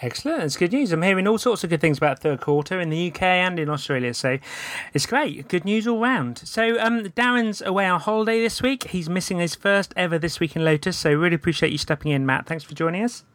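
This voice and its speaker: Man, podcast host, fairly high voice, dry close sound, chatty and friendly. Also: animated, fairly quick, fairly bright tone, no echo. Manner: friendly, chatty interviewer with easy laughs. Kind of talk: casual podcast chat.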